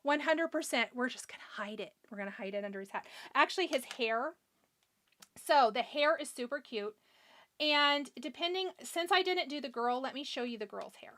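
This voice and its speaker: High-voiced chatty crafting host. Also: female voice, animated, moderate pace, fairly bright tone. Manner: chatty and self-deprecating, talking to herself as she works. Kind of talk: live craft tutorial, reading viewer comments.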